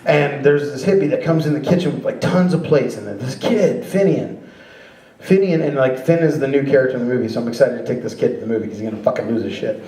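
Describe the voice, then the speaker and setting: A man doing a stand-up comedy set, telling animated, profane stories that burst into shouting. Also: medium pitch, fast talker. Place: comedy club stage with a laughing audience. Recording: roomy live club recording from a distance.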